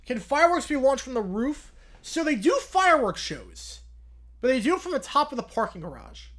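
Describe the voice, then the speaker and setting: A man's voice: very high-pitched, very animated, normal speed, fairly bright tone. Chatty, rambling young male streamer. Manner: chatty, rambling, self-correcting. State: yawning, drowsy. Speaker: live-stream host answering chat. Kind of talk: casual live commentary and Q&A.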